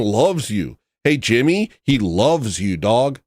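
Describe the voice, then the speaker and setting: A man's voice: mid-range voice, big pitch swings, slow, darkish tone, dry recording, studio quality. A man hosting a casual livestream, chatting to viewers and gushing, sometimes dropping to a choked near-whisper. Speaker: livestream host.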